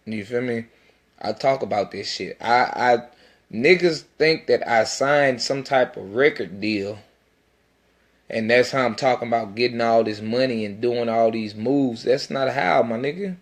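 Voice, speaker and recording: A man's voice: mid-range voice, a little slow. A man, an independent rapper, talking in a casual self-recorded monologue that is intense, rambling and full of profanity.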